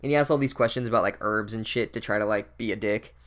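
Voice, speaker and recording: A man's voice: fairly low pitch, fast talker, a bit bright. A man giving a casual, profane, sardonic recap of a book as a podcast host. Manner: sardonic, swears a lot, wry.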